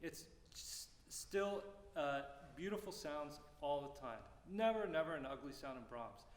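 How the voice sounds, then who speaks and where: A man teaching a music clinic, explaining phrasing and singing rhythms aloud with lively syllables. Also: a little high, a little slow. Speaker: percussion clinician. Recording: roomy hall reverb, faint noise.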